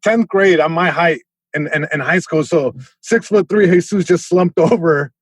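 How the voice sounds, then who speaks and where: Male comic on a podcast, slightly high voice, acts out voices as he tells stories, dry mic. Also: moderate pace, husky, no room sound. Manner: animated, acts out voices, many restarts. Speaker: comedian guest. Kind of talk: casual storytelling chat.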